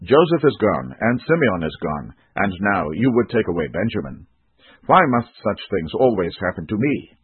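A grieving, white-haired old father speaks mournfully and protectively, as a man reads him. The voice is husky and low. It comes through tinny and phone-like, with no room echo. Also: very animated, moderate pace. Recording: tinny phone-like dry recording.

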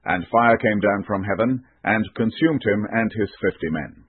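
Male scripture reader, low husky voice, solemn, dry tinny lo-fi sound. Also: moderate pace, dry recording. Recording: tinny band-limited recording.

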